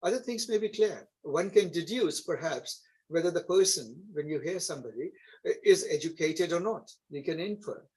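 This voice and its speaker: A man's voice: on the high side, animated, normal speed, darkish tone, breathy edge, rough recording. A man from India with an Indian accent, lecturing a class in an explanatory way and often checking in with tag questions. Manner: explanatory, frequent tag questions like "isn't it?" and "right?". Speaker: instructor.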